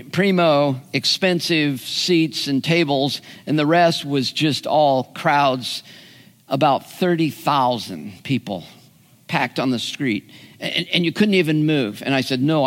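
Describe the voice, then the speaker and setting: A man preaches with a slightly raised pitch, taking his time over every phrase. He tells a parable folksily and acts out the characters' lines. His voice rings with the long reverb of a large hall. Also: a bit bright. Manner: storytelling with acted voices, folksy asides. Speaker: pastor. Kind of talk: sermon.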